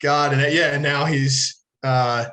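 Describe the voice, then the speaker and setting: Man from the Philly area, mid-pitch voice, loose and profane, rambles and restarts mid-sentence. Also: fairly even intonation, slow, sharp tone. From Philadelphia area. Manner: rambling, profane, self-correcting. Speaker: podcast co-host, former ballplayer. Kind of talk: casual storytelling.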